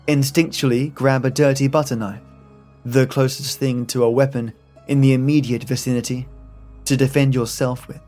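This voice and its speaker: A man narrating a scripted horror story in the second person, in a measured storytelling manner. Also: mid-range voice, a little mellow.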